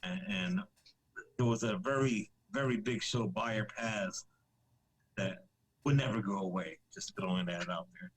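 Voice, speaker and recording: Over a low-quality recording comes a lowish, slightly rough male voice with lively intonation and a measured pace. He's a comic creator guesting on a podcast in a casual live-stream chat, joking, laughing readily, and rambling with plenty of fillers and restarts.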